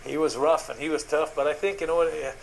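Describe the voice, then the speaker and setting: Guy w/ as telling wild stories on a podcast, kinda high voice, faint hiss behind. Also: a little fast, gravelly, poor audio. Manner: animated anecdotes, acts out quotes. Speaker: guest, former wrestler. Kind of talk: casual storytelling on a podcast.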